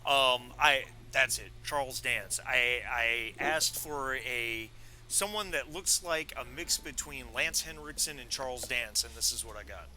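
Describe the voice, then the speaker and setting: A man narrating as game master of a tabletop game, rambling with many pauses and restarts. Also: medium pitch, pushed and bright, slight background noise.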